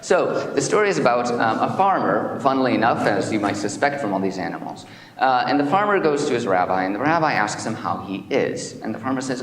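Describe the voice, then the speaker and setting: Minister, mid-pitched, slow prayer reading and chatty storytelling, long hall reverb. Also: male voice, very animated. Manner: slow, measured prayer reading; hesitant fillers when speaking freely. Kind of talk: worship service and storytelling. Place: chapel hall. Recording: echoey hall.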